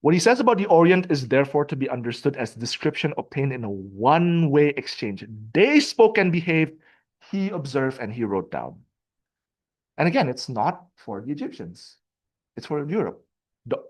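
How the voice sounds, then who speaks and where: A man's voice: mid-range voice, darkish tone, poor audio. A young man leads a university seminar in an easygoing, conversational tone. He alternates between reading passages aloud and unpacking them, peppering his talk with rhetorical questions and restarts. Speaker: lecturer.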